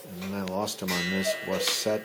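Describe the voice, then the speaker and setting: A man who operates amateur radio, talking casually and half to himself, halting and correcting himself as he works out what he copied. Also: low voice, little pitch movement, music in the background, rough recording. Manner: musing aloud, halting and self-correcting. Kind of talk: casual talk to camera.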